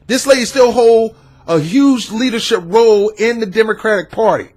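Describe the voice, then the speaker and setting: A man's voice: sits high, normal speed, a little mellow. Emphatic man ranting politics. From Southern United States. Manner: emphatic, repetitive, talks back at his subjects. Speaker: political commentator.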